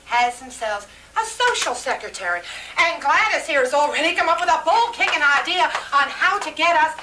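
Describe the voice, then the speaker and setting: A woman's voice: high-pitched, expressive, brisk. A woman playing a brassy, social-climbing middle-aged mother who gushes and calls everyone honey. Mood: gushing. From West Texas. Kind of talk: radio-style comedy drama. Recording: roomy, distant mic, faint noise.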